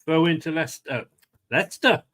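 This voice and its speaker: Chatty football fan, slightly high voice. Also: male voice, moderate pace, a bit bright. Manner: chatty, rambling, answers viewers' comments by name. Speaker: fan channel host. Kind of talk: casual live match watchalong commentary.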